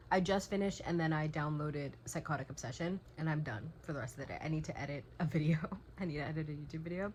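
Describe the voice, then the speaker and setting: In a low-quality recording with a bit of hiss or hum, a young woman with a fairly low voice vlogs casually to her phone at home at night. Drained and teary, she raves emotionally about a book, swearing freely.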